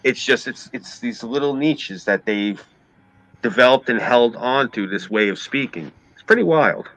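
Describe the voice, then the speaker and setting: A man's voice: mid-range voice, measured pace, no echo, rough recording. A man with a New York accent, ranting and swearing in casual chat as a stream host. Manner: ranting, profane, animated storytelling.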